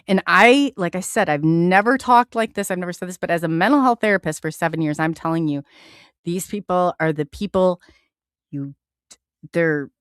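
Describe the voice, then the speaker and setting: A woman's voice: on the low side, clean tone, no echo, clean studio sound. A woman hosting a live online radio show, talking in an impassioned, earnest way with many restarts.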